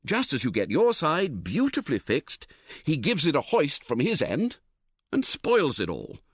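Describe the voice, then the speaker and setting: Wry, highly expressive male narrator. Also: unhurried, no echo. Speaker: audiobook narrator. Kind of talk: scripted narration of a comic novel.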